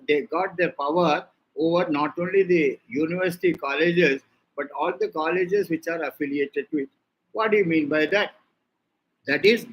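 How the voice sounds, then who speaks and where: Husky Indian man lecturing on law. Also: a little high, a bit bright, low-quality recording. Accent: Indian English. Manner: explanatory, repeats points, addresses listeners as sir. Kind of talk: classroom lecture.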